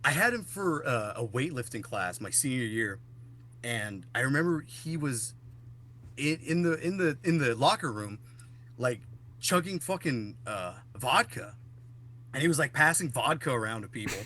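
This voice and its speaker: A man's voice: mid-range voice, lively intonation, normal speed, pushed and bright. A young man co-hosting a podcast, telling rambling stories in casual chat, full of fillers and swearing. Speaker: podcast co-host.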